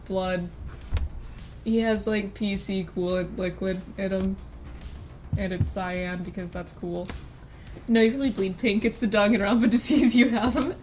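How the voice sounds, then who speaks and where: A woman streaming as a VTuber chats casually while drawing, rambling and interrupting herself with giggly asides. Her voice is mid-range and a little mellow.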